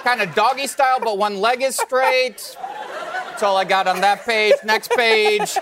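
A man voicing a folksy, dim-witted guy reading a book aloud in a slow, plainspoken drawl, on a noisy recording. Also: extremely high pitch, lively intonation, pitched above the performer's own voice.

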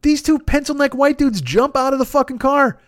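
A man with a high voice tells a comedic story on his podcast, swearing freely and bringing the story to life. He acts out every side of the argument himself. The sound is close and dry, with no room around it. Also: a little fast, no room sound. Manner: profane, animated, acts out both sides of the dialogue. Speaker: podcast host.

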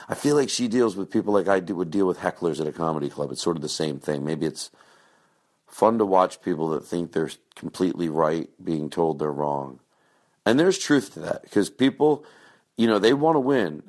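A man hosting a comedy podcast, rambling in a self-mocking, swearing monologue that jumps into a high excited voice.

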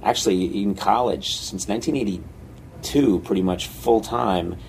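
An older man, a comedy writer and guest, talking casually with many fillers and animated storytelling. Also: on the low side, a little slow, vocal fry, slight background noise, poor audio. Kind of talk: casual conversation.

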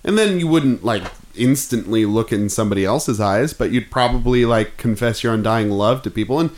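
A man's voice: mid-range voice, a little fast, darkish tone. A man in casual podcast chat, playful and joking, who sometimes slips into a mock-grand speechmaking voice. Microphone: microphone close in front of face.

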